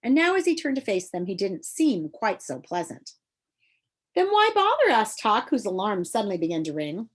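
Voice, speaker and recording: A woman reading a children's novel aloud with expressive storytelling. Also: medium pitch, fairly quick, few pauses, husky. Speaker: reader.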